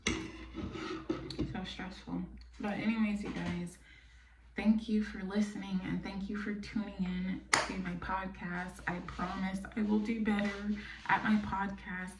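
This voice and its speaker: A woman from New York hosting her own podcast, talking candidly and bluntly, sometimes dropping to a soft near-whisper. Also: mid-range voice, flat delivery, unhurried, background noise. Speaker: podcast host. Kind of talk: casual personal monologue. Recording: echoey room, mic a bit distant.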